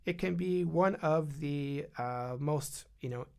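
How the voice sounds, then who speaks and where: A guest expert on design protection talks in a podcast interview, relaxed and conversational, with plenty of fillers and restarts. His voice sits on the high side, creaky, and he speaks slowly.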